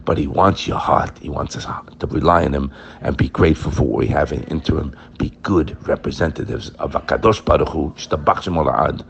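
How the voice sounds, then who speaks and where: A man giving a daily inspirational sermon, swinging between loud exhortation and hushed, intimate words, often asking his listeners rhetorical questions. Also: extremely low pitch, brisk, gravelly, a little hiss or hum. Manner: addresses listeners as guys, asks rhetorical questions.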